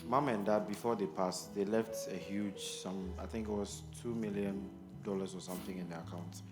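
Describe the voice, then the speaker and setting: A man with a Ghanaian accent playing a kind, devout young Christian who talks earnestly and gently preaches, in an amateur church drama. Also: lowish voice, steady tone, normal speed, over music, close to an everyday voice. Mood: comforting.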